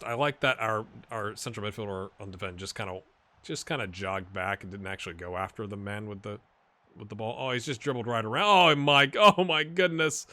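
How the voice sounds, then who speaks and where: A man commentating his own football management game, excitable, going from mumbled asides to shouts at near misses. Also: medium pitch. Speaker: gaming YouTuber. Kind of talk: let's-play commentary.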